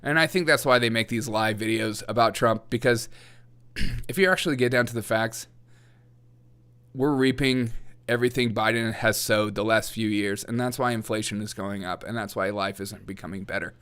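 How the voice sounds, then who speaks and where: A man's voice: lowish voice, normal speed, a bit bright, clean tone. A man hosting his own show, giving sarcastic political commentary, laughing often and mocking his opponents. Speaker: host.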